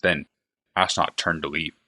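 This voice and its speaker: A man reading a fantasy novel aloud in steady, even narration. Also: very deep voice, unhurried, husky. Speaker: reader, streamer.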